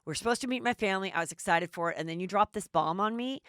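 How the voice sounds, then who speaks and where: A woman imitating an indignant young woman snapping at her boyfriend, high and loud. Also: fast, dry recording, clean studio sound, natural voice. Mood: exasperated.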